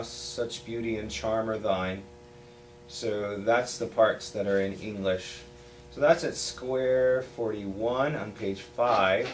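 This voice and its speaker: A man's voice: fairly low pitch, a little hiss or hum. A man teaching a youth choir, patiently explaining pronunciation step by step in a rehearsal. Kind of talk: rehearsal instruction.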